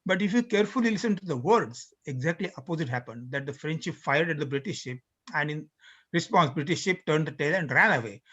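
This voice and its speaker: A high-voiced man lectures to beginners, explaining each point in turn with the odd pause and restart. The recording is dull and lo-fi. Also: expressive, sharp tone, slightly rough. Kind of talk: introductory lecture with recited lyrics.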